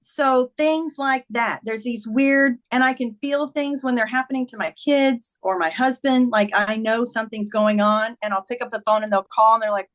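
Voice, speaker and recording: Earnest fifties woman, higher voice, chatting openly as an interview guest, plays out quotes. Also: normal speed, few pauses, fairly bright tone. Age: 50s. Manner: earnest storyteller, acts out quoted dialogue. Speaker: guest, memoir author. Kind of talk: candid interview conversation.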